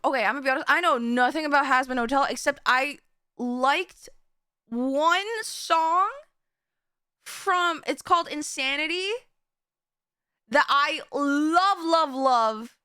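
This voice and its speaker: Woman streamer, high bright voice, giggly, rambles and trips over her words. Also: takes it slowly, long pauses, no room sound, clean studio sound. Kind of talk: casual live-stream chat.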